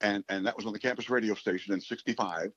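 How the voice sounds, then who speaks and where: A man in his seventies from New York City, a radio play-by-play announcer, telling rambling, animated stories in a casual interview. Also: lowish voice, fast talker, dry recording. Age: 70s. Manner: animated, rambling storyteller who acts out quotes. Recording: dull, dry recording.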